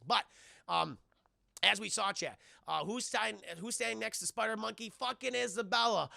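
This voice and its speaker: Gravelly, bright-voiced streamer recapping a movie. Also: male voice, sits high, fairly quick, no echo, clean studio sound. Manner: animated, profane, acts out the scenes.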